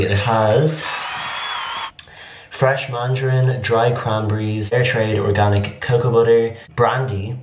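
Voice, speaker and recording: A man with a slightly raspy voice chatting through a casual skincare tutorial, rambling and full of fillers. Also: on the low side, a little hiss or hum. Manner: rambling, filler-heavy, upbeat. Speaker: beauty vlogger. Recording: echoey room.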